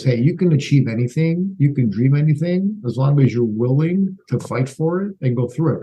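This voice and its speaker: A middle-aged man from Canada tells his stories, jumping into the voices of the people in them as he goes. His voice sits in a middle pitch and has a warm, mellow tone. It is a lively, conversational podcast delivery. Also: rough recording. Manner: animated storyteller who acts out quoted dialogue. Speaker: entrepreneur guest. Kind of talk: storytelling in a podcast interview.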